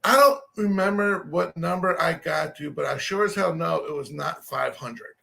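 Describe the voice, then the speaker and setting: A man's voice: a little high, moderate pace, creaky, sharp tone. A man telling a rambling, self-deprecating story in a casual chat.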